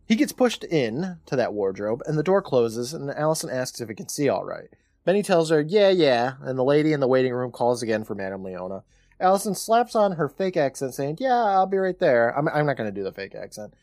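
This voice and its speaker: A man chats his way through a scene-by-scene recap, his pitch bouncing all over as he quotes the characters. The sound is close and dry, with no room around it. He talks like a podcast co-host among friends. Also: sing-song, brisk, darkish tone, no room sound. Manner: chatty retelling with quoted lines. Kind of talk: casual episode recap.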